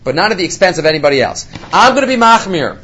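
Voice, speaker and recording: A man with a high, very lively voice leads a Torah study lecture. He peppers his English with Hebrew study terms and keeps asking rhetorical questions, then answers them himself. His pitch swings widely from line to line. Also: fast, breathy edge. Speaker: Torah class teacher.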